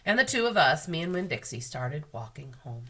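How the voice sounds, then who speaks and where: An American woman, a school librarian, reading a children's book aloud to students in an expressive storytelling manner. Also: low-pitched, brisk, breathy edge.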